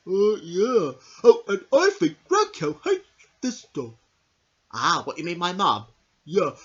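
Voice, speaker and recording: Giggly woman with a wildly swooping, husky voice. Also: mid-range voice, wildly swooping pitch, measured pace, dull audio, a faint crowd. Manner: giggly, swapping between silly character voices. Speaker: hobby puppet show creator voicing all characters. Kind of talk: playful homemade character play.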